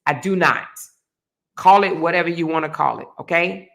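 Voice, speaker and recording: A woman's voice: lowish voice, moderate pace, gravelly, a bit bright. A woman hosting her own livestream and ranting in a heated, blunt, profane way, repeating her points. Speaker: livestream host. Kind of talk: casual livestream rant.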